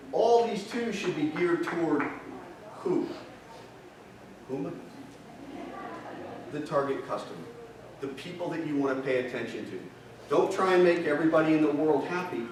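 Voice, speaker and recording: A man's voice: fairly high pitch, heavy background noise. Male seminar speaker quizzing the crowd, distant mic in a reverberant hotel room. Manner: fires rhetorical questions at the audience. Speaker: seminar presenter. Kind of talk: marketing seminar lecture. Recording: echoey hall, distant mic, audience present.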